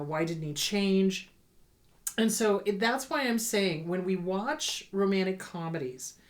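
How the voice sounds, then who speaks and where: A woman therapist hosting an advice show, talking through viewer letters in an earnest, conversational way and repeating words for emphasis. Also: on the low side. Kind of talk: casual advice talk answering viewer letters.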